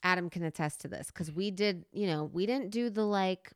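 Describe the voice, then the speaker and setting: A woman in her thirties co-hosting a podcast, chatting casually in a rambling, animated way, often laughing. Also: on the low side, normal speed, clean tone, dry recording, clean studio sound. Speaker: podcast co-host. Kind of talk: casual chat.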